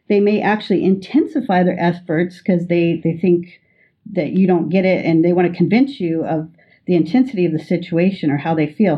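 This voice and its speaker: A woman educator giving a measured, patient teaching talk, explaining with everyday examples. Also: fairly low pitch, highs cut off. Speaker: educator guest.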